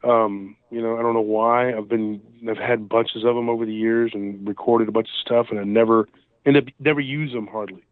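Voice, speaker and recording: A man's voice: fairly low pitch, fairly even intonation, fairly quick, no room sound. A man guest telling encounter stories in casual, rambling speech full of restarts and fillers, heard through a phone call. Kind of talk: casual storytelling over the phone. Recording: tinny dry phone line.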